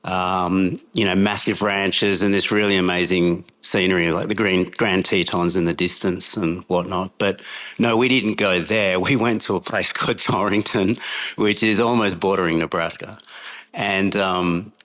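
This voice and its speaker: A man's voice: low voice, fairly even intonation, a little slow, fairly bright tone. A middle-aged Australian man, a podcast guest, telling a rambling travel story in a casual way and laughing often as he goes.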